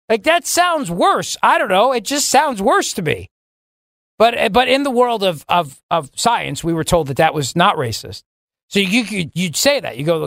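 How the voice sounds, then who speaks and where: A man hosts a political talk radio show and delivers a sarcastic, mocking monologue. He jumps to a much higher pitch to drive home his points. He sits at a studio microphone, and the sound is completely dry, with no room echo. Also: big pitch swings, moderate pace, gravelly, fairly bright tone. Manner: sarcastic, mocking, with sudden rises in pitch for emphasis.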